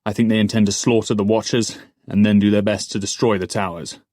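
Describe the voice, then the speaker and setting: A man voicing a prince who speaks calmly and with steady command. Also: on the low side, quick pace, no echo, clean studio sound, lightly acted. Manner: calm, commanding. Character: calm, steady prince, a military leader.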